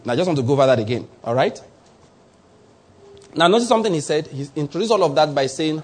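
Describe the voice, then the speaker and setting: A Nigerian preacher delivers a sermon in a slightly raised, husky voice. He is animated and conversational, slipping into little voices to act out scenes. He keeps asking whether the listener gets his point. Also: on the high side, brisk. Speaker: pastor.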